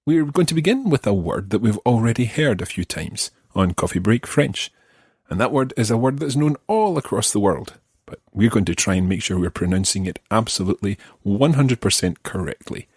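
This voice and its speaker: Low husky Scottish man teaching. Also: lively intonation, a little mellow, no room sound, studio quality. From Scotland. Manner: patient, slow careful modelling of words. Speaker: language teacher. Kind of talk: podcast language lesson.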